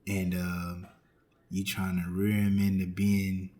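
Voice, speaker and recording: Deep voiced guy, aave, earnest and reflective, pretty flat delivery, lots of "you know what i'm saying". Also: slow. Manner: earnest, reflective, many fillers. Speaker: interview guest. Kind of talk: casual interview chat.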